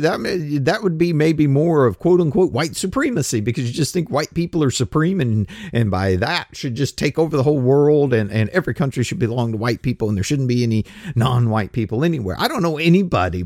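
A man's voice: fairly high pitch, darkish tone, no echo, clean studio sound. A man delivering a sarcastic, mocking opinion monologue as a political commentator.

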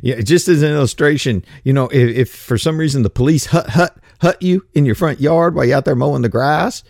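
A man's voice: a little high, a little fast, gravelly, darkish tone, dry recording, studio quality. A man giving casual Bible commentary in a folksy, colloquial way with frequent restarts. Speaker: Bible teacher.

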